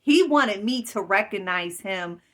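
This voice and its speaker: A woman's voice: medium pitch, animated, measured pace, a bit bright. A woman telling a story about a dream in a rambling, emphatic way, piling on detail as she goes. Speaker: vlogger. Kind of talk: casual storytelling.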